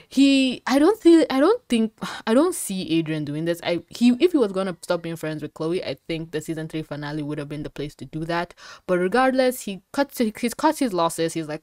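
A woman talks through a cartoon episode in a loose, sarcastic review, her voice sitting a little low. She swears freely and jumps between outrage and amusement. The sound is close and dry, with no room around it. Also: normal speed, no echo. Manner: animated, sarcastic, swearing, laughing asides. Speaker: YouTube reviewer. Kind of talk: casual episode review commentary.

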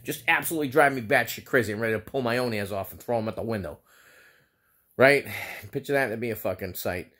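A man's voice: medium pitch, fast, fairly bright tone. A man with a Boston accent telling a storytime rant on video, exasperated, sarcastic and swearing constantly. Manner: exasperated, heavily profane, sarcastic. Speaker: vlogger. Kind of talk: ranting storytime monologue.

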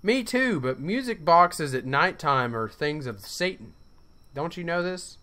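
A man voicing a tired, gruff father with a hidden menacing side. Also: on the high side, animated, a little slow, pushed and bright. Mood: reassuring.

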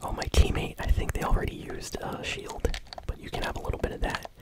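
An unvoiced, breathy whisper carries this ASMR gameplay commentary, with gum chewing woven through the talk. The host speaks close to the microphone, relaxed and unhurried, pausing on little "uh"s between thoughts. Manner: chewing bubblegum while talking; relaxed, unhurried, with small hesitations. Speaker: gaming channel host.

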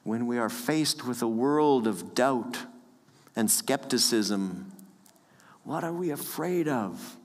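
A man preaching a sermon as pastor, earnest and conversational, repeating key phrases with the odd soft chuckle. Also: mid-range voice, animated, slow pace. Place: church sanctuary. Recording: long church reverb.

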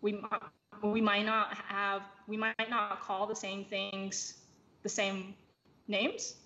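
Bright-voiced woman chatting thoughtfully. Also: medium pitch, flat delivery, takes it slowly. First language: English. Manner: thoughtful, many fillers and restarts. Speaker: podcast guest. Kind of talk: casual chat. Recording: slightly dull lo-fi audio with faint noise.

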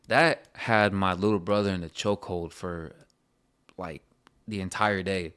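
A man's voice: lowish voice, steady tone, normal speed, a bit bright, clear, resonant tone. A man co-hosting a podcast in casual, rambling chat, laughing often as he talks. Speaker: podcast co-host.

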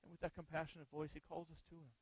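A man's voice: a little high, level tone, fast, slightly rough, no echo, rough recording. A male pastor preaching an earnest sermon, often putting rhetorical questions to the congregation.

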